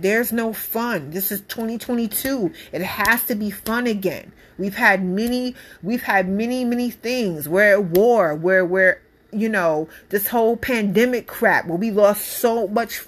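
A woman, a mother, giving her opinion in a casual monologue, emphatic and blunt, repeating her points with passion. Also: medium pitch. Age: adult parent.

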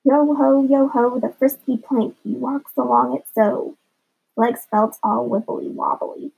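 Woman voicing an excitable young boy. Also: fairly high pitch, a little slow, creaky, husky, full character voice. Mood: eager. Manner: eager, excitable. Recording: dull lo-fi recording.

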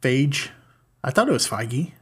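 A man's voice: mid-range voice, normal speed. A man co-hosting a podcast in casual chat, rambling and repeating his words as he goes. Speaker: podcast co-host.

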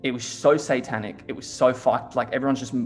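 There's faint music beneath this young Australian man as he talks casually at a medium pitch and fairly quick pace. His storytelling is animated, packed with "like," and full of swearing.

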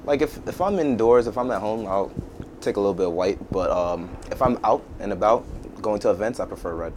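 A man's voice: on the low side, expressive, fairly quick, a little mellow, slight background noise. A man in a casual group chat, easygoing and chatty.

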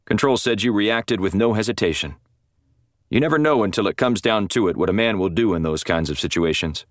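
A man voicing a deliberate, courteous prison warden who speaks in a measured way. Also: fairly low pitch, lively intonation, no room sound, studio quality, close to an everyday voice.

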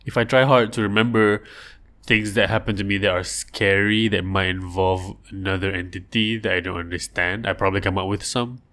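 Lowish-voiced man rambling on a livestream. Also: steady tone, fairly quick, a bit bright. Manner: rambling, joking, acts out little scenes in silly voices. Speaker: livestream host answering listener questions. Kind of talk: casual livestream chat.

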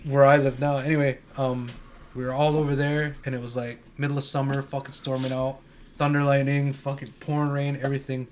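A man's voice: mid-range voice, little pitch movement, brisk, a little hiss or hum. A man co-hosting a casual podcast with a North Country New York accent, telling stories in a loose, profane way with frequent laughter. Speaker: podcast co-host. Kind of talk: casual storytelling chat.

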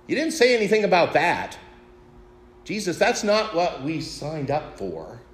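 A man's voice: on the high side, sing-song, measured pace, slight background noise. A man voicing a bold, exasperated fisherman disciple who pleads and fires off incredulous questions, in a roomy, echoey church.

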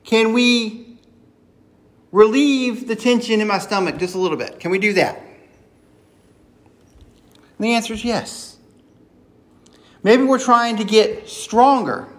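A man with a notably high voice delivers an earnest sermon. He keeps it conversational and slips into sample prayers as if talking straight to God. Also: lively intonation, takes it slowly, long pauses. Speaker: preacher.

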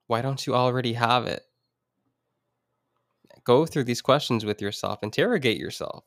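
An earnest man talks alone on his own podcast, reflective and encouraging, with the odd jokey aside. His voice sits at an ordinary middle pitch. The sound is close and dry, with no room around it. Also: moderate pace, no room sound. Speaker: podcast host. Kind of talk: solo motivational podcast talk.

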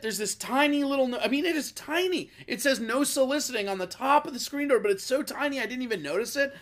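A man telling revenge stories on a podcast in a casual, animated, profane way. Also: very high-pitched. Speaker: podcast guest. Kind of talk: casual storytelling.

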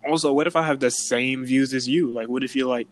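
A man's voice: mid-range voice, fairly even intonation, brisk, low-quality recording. A young man, chatting casually and animatedly, acting out voices in his stories. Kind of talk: casual chat.

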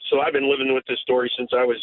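A man's voice: medium pitch, level tone, rapid-fire, a loud crowd. A man calls in and chats his way through a family story. His voice comes over a narrow, tinny phone line. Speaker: caller.

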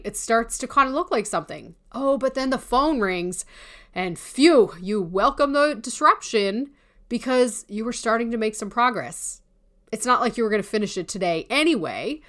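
A woman's voice: a little high, fairly bright tone. A woman coach giving a candid, informal talk on building an online course, with casual swearing and teasing asides. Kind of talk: promotional talk on course creation.

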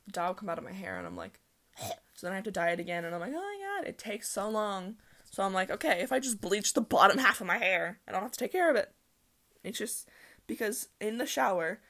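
A young woman hosting a casual solo podcast, talking fast and rambling with lots of "like" and laughs. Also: medium pitch, gravelly, fairly bright tone. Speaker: podcast host.

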